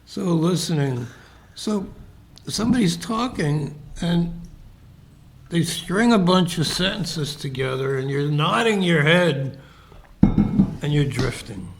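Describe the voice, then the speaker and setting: A man's voice: a little high, animated, slow pace, long pauses, slight background noise. A man co-hosting a casual podcast, talking reflectively and acting out little example exchanges. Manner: reflective, explains with examples and acted-out quotes. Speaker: podcast co-host.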